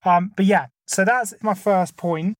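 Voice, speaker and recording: A man's voice: high-pitched, a little slow, no echo, studio quality. A man co-hosting a podcast, making his case point by point in casual, filler-heavy chat. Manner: enthusiastic, argues point by point with many fillers. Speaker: podcast co-host.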